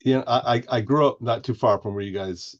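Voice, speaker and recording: A man's voice: mid-range voice, brisk, muffled recording. A man from Indiana, a podcast guest, chatting casually and rambling with many restarts. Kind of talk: casual interview chat.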